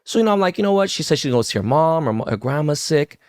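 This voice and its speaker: A man's voice: a little high, fast talker. Profane storytelling man in his fifties. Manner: profane, animated storytelling with acted quotes. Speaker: podcast co-host. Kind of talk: casual storytelling chat.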